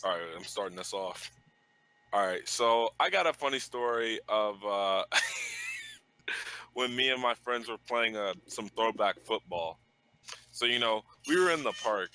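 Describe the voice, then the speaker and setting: Young male podcast host, very bright, sharp tone, casual rambling storyteller who curses a lot. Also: lowish voice, wildly swooping pitch, measured pace, low-quality recording. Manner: loose, swearing, laughs through his own story.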